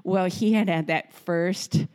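Laughing, animated woman telling stories. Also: fairly low pitch, slow, over a noisy crowd. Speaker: podcast co-host. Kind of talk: casual storytelling. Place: home kitchen.

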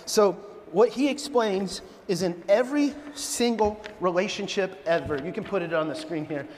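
A middle-aged pastor preaching a sermon, animated and joking, telling stories in a church. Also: male voice, high-pitched, moderate pace, slight background noise. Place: church sanctuary. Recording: long church hall reverb.

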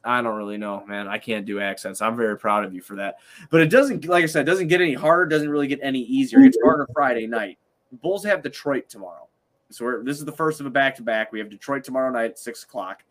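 A man's voice: medium pitch, fast. A man hosting a casual sports podcast, frustrated, swearing freely and repeating himself as he talks the game over. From Italian heritage.

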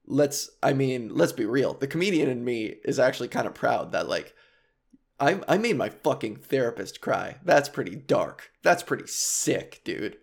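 A man's voice: medium pitch, animated, normal speed, creaky. A man in his thirties hosting a comedy podcast alone, talking confessionally in a rambling, self-deprecating way with many restarts, emotional after a recent cry. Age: 30s. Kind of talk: confessional solo podcast monologue.

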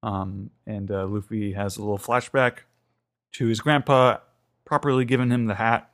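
A man's voice: fairly low pitch, flat delivery, moderate pace. Chatty man recapping an episode. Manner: rambling retelling with many fillers and restarts. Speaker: podcast co-host. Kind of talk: casual recap chat.

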